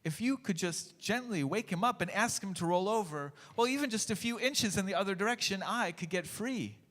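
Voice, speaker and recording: A man's voice: sits high, animated, a little fast, a bit bright, pitched above the performer's own voice. A man voicing a small, anxious male mouse who pleads hopefully for help, in an echoey church. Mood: pleading. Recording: echoey church hall, faint music.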